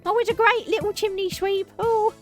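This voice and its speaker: A woman's voice: very high voice, steady tone, normal speed, faint music behind, pitched above the performer's own voice. A woman putting on a jokey, exaggerated voice as a poor young chimney sweep.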